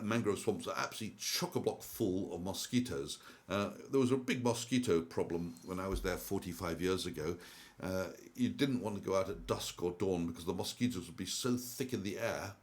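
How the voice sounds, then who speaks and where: Brief: older male commentator, very low voice, meandering storyteller, frequent fillers. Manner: rambling, with many ums and restarts. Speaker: investment commentator. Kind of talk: casual monologue.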